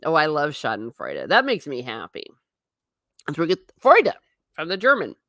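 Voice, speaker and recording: Chatty woman streamer with a low voice. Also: huge pitch swings, normal speed, bright, forceful tone, no room sound, studio quality. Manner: chatty and emotional, laughs often, self-interrupting. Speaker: livestream host reading chat. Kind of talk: casual chat.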